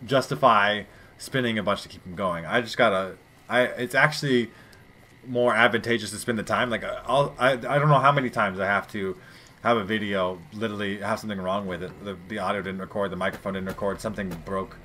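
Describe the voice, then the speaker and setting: This adult gamer and parent keeps up loose, meandering commentary on his let's play, swearing without restraint as he talks to viewers. His pitch is fairly low, and his delivery sounds pushed and bright.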